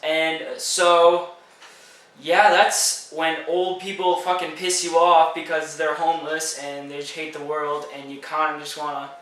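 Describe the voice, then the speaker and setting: A man's voice: a little high, little pitch movement, a little slow, a bit bright. A teenage boy chatting crudely and offhandedly with friends on camera. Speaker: vlogger. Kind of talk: casual chat. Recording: echoey room, mic far off, faint hiss.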